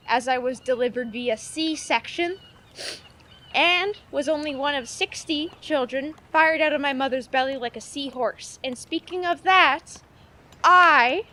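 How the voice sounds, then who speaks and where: Blustery sea captain, man, boastful and theatrical, pitched high. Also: a bit bright. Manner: pompous, theatrical. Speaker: comedy sketch actor.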